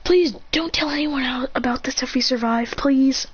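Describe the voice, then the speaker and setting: A woman voicing a brash young male ninja hero, cocky and loud. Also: high voice, normal speed, breathy edge, voice pushed up. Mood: bold. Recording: dull lo-fi home recording with faint hiss.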